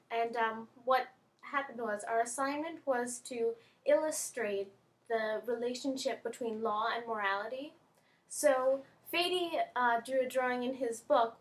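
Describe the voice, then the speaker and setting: Young female vlogger, fairly high voice, lively storyteller who squeals and laughs. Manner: animated, squeals and laughs at her own story. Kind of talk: casual storytelling.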